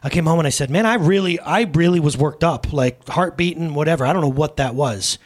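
A man in his thirties preaching a casual, humorous sermon at a church service, telling stories in an animated, jokey way with asides to the congregation. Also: a little high, fairly quick. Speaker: pastor.

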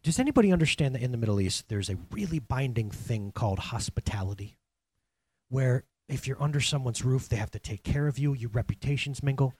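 A man's voice: medium pitch, breathy edge, dry recording. A man preaching a sermon in a casual, conversational way, asking the congregation questions as he goes. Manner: conversational, animated, talks to congregation directly. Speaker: pastor.

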